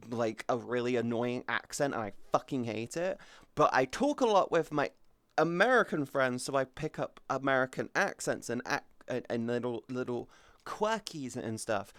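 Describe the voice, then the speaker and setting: A man's voice: medium pitch, a bit bright, smooth, dry recording. A British man chatting casually on a live stream, rambling and swearing as he goes, with lots of restarts, close to the mic. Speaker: VTuber streamer.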